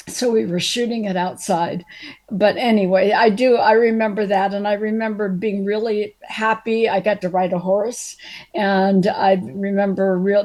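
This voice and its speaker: A woman's voice: mid-range voice, a little mellow. An older actress chatting casually as a guest, telling rambling stories about a past role and sometimes losing her thread. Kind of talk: casual reminiscing conversation.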